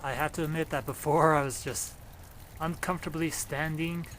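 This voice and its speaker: A man filming a storm from under a shelter, giving excited, profane running commentary and taunting the lightning. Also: fairly high pitch, normal speed. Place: outdoors under a shelter in a rainstorm. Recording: rain noise on a handheld camera. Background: rain.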